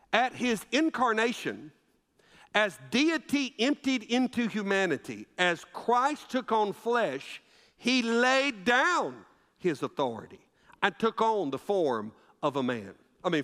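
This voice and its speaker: A man pastor preaching a sermon, asking rhetorical questions and swinging between loud emphasis and hushed asides. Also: high-pitched. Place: church sanctuary. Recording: long reverb of a church sanctuary.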